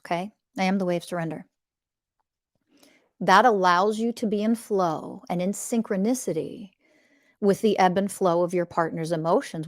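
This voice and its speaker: In a dry, clean studio recording, a woman with a lowish voice hosts a spiritual podcast. She delivers a blunt, impassioned teaching monologue, repeating phrases like mantras and swearing for emphasis.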